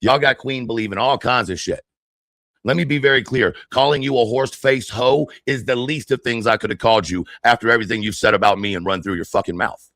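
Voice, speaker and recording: A man's voice: medium pitch, fairly quick, fairly bright tone, dry recording. Furious man ranting on a dry mic. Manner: heated, profane, confrontational. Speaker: livestreamer. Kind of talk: angry livestream rant.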